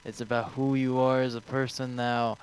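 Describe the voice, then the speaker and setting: A man's voice: mid-range voice, level tone, moderate pace, clear, resonant tone, close to an everyday voice. A man quoting a ranting wedding pastor. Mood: lecturing. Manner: lecturing, sermonizing. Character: preachy male wedding pastor on a rant.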